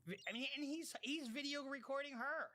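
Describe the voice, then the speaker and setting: A man's voice: very high voice, a little fast, pushed and bright. A man giving casual live-stream commentary and reading out viewer messages, blunt and swearing freely, often stopping and restarting his sentences.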